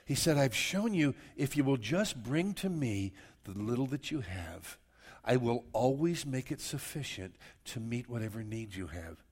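A man preaches a sermon through a head cold, stopping now and then for a cough. His delivery is animated, and he slips into the voices of the people he quotes. His pitch sits in the middle for a man. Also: measured pace, husky. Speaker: pastor.

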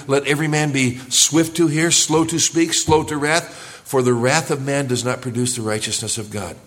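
A male pastor preaching a sermon in church, earnest, rising for emphasis and dropping low and quiet.

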